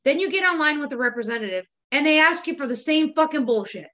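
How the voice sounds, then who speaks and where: A woman's voice: high-pitched, expressive, fast, over a noisy crowd. A woman co-hosting a podcast, ranting casually in an exasperated way, with frequent laughter and swearing. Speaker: podcast co-host. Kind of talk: casual chat.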